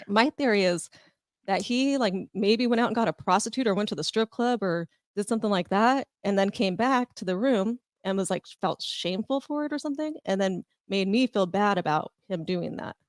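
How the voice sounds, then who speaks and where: A woman's voice: mid-range voice, fairly quick, no echo. A woman co-hosting a podcast, telling a personal story in a rambling, filler-heavy way. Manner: rambling, many fillers, laughs as she tells it. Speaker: podcast co-host. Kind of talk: casual storytelling.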